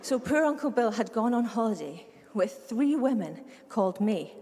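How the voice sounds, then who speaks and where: Here the Scottish pastor, a middle-aged woman, sounds fairly high-pitched and expressive, with a darkish tone and moderate pace. Her sermon is conversational, a string of humorous stories and asides, recorded in a large room with long reverb.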